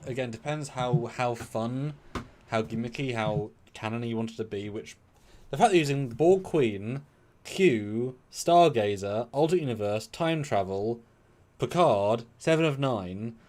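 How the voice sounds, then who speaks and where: Male co-host, mid-pitched voice, excitable and rambling, casual live chat. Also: a little slow. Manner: excitable, rambling, jumps into high-pitched bursts. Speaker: co-host of a live discussion show.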